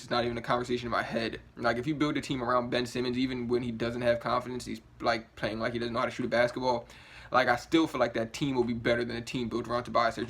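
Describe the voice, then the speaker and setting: A man's voice: mid-range voice, fairly bright tone. A man ranting in a casual vlog, frustrated and rambling, full of filler words and swearing, yawning and groggy from just waking up. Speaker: sports vlogger. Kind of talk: casual rant to camera.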